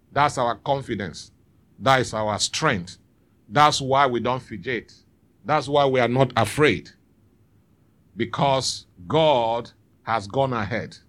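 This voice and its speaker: A man's voice: mid-range voice, fairly bright tone. Man preaching a sermon. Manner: preaching with call-and-response. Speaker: pastor. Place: church.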